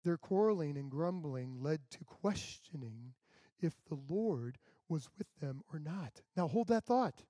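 A man's voice: a little high, lively intonation, a little slow, warm tone, no room sound. A male pastor preaching a sermon in a conversational way, acting out the people he quotes.

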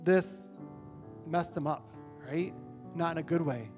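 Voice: mid-range voice, slow, over music. A pastor preaching a sermon in a church, talking conversationally and asking rhetorical questions.

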